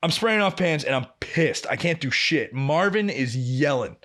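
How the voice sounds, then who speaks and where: Animated young man telling stories. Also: fairly high pitch, moderate pace. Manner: animated, profane anecdote-telling. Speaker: podcast co-host. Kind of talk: casual storytelling chat.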